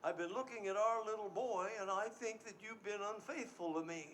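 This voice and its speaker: A man's voice: high voice, fairly quick, a bit bright, slight background noise. A man telling a stage joke and voicing a male seagull husband with dry punchlines. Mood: deadpan.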